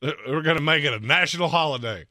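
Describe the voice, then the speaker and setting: A man's voice: fairly high pitch, lively intonation, fast, pushed and bright, no room sound, studio quality. A man co-hosting a sports talk show, joking and emphatic, with sarcastic asides. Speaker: sports radio co-host.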